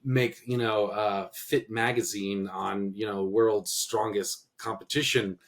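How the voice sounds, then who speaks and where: A man's voice: lowish voice, fairly even intonation, slow pace. A man in his thirties, co-hosting a podcast, talking in an earnest, reflective way. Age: 30s. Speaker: podcast co-host. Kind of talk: casual podcast chat.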